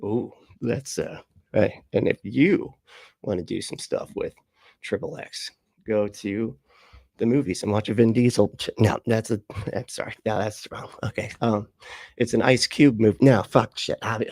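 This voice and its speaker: A man's voice: fairly low pitch, steady tone, unhurried, creaky, a little mellow, no echo. A man hosting a casual livestream, rambling with viewers, swearing freely and laughing often. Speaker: livestream host.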